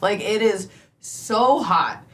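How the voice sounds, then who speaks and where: A woman's voice: medium pitch, slow pace. A woman co-hosting a comedy podcast, telling stories animatedly and acting out what people said. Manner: animated storyteller, acts out quoted voices. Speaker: podcast co-host.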